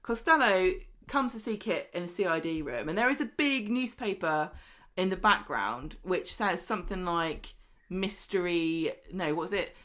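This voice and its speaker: A woman talking casually on a podcast, recapping with energy. She drops into quick mocking voices for the characters she describes. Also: on the low side. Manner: lively, mocks characters in put-on voices. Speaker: podcast co-host. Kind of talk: casual chat recapping a soap.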